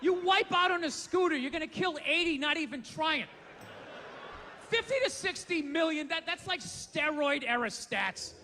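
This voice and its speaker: High bright guy ranting stand-up in a club, swears a lot, echoey hall. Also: expressive, normal speed, a little hiss or hum. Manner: profane, incredulous ranting. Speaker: stand-up comedian. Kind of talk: stand-up comedy routine. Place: comedy club stage.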